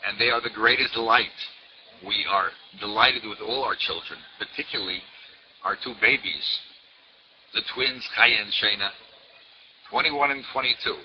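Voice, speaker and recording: A man's voice: fairly low pitch, normal speed. A man in his sixties, a rabbi, telling a story in a sermon, repeating words for emphasis. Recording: dull lo-fi recording with faint noise.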